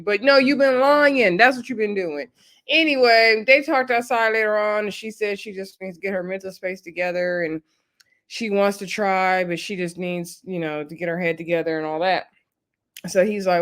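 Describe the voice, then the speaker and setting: Woman doing a casual tv recap, chatty and animated, laughs a lot, says y'all, acts out the quotes. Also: mid-range voice, normal speed. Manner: uses Southern US slang like y'all and child. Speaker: reality show recap host.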